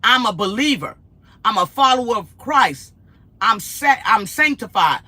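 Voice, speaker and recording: Woman from Los Angeles, truck-driver streamer, blunt and direct, bright tone, phone mic in the cab. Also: on the high side, unhurried, no echo. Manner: blunt, direct, animated storytelling. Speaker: livestream host, truck driver. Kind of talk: casual livestream chat.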